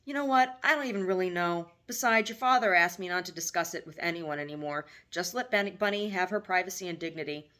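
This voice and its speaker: A woman's voice: lowish voice, fairly quick, hardly any pauses, fairly bright tone, natural voice. A woman voicing a middle-aged mother who frets and scolds in a fussy, motherly way.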